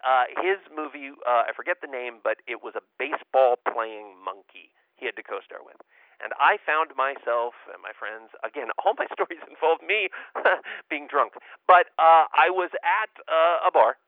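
A man's voice: mid-range voice, clean tone, dry recording. Man telling anecdotes over a muffled line. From United States. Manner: self-deprecating, lively storytelling. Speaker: guest storyteller. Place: Los Angeles.

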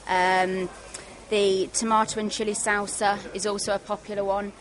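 A woman's voice: medium pitch, level tone, normal speed, slight background noise. A woman at a stall listing her products plainly, with frequent ums. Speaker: stall worker.

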